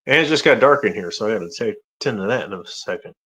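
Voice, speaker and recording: A man's voice: fairly low pitch, expressive, fast, a bit bright, slightly rough, low-quality recording. A man from the United States hosting a casual chat, rambling and joking with many restarts. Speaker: host.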